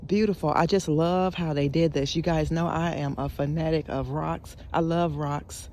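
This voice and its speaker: A woman chatting excitedly to viewers while walking a park trail, filming with a handheld camera. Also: deep voice, moderate pace, a little hiss or hum. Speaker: lifestyle vlogger. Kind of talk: casual outdoor walking vlog. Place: outdoor park trail by a pond.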